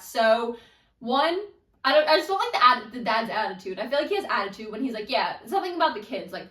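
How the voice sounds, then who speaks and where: A woman's voice: a little high, a bit bright, roomy sound, recorded from a distance. A woman hosting a casual commentary on online stories, chatty and frank, talking straight to her viewers. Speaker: host.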